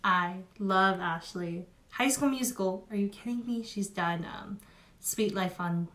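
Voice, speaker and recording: A young woman talking through a review in a loose, chatty way. She fills her sentences with "like" and "um" and restarts often. She sounds openly emotional and heartfelt at a middle pitch. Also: measured pace, a bit bright. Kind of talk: casual spoken review.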